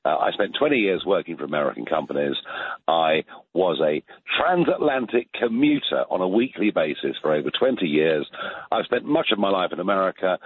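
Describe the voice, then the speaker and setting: A man's voice: sits low, husky. A British man in his sixties, a guest commentator on a phone-in, talking emphatically and often restarting his words. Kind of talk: phone-in political chat. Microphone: telephone. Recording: tinny phone line.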